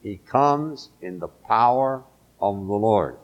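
A man's voice: lowish voice, lively intonation, slow, lo-fi sound. A middle-aged man preaching a sermon in a conversational way, asking his listeners questions as he goes. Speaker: pastor.

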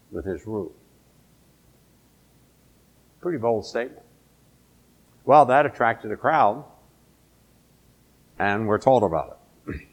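A male pastor preaching a sermon, emphatic, drawing out key words. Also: mid-range voice.

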